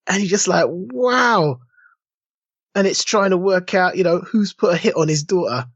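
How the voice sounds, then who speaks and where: A man's voice: sits high, a little fast, no echo. A man co-hosting a podcast, chatting casually and acting out quotes in different voices. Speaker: podcast co-host. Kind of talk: casual chat. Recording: dull lo-fi dry sound.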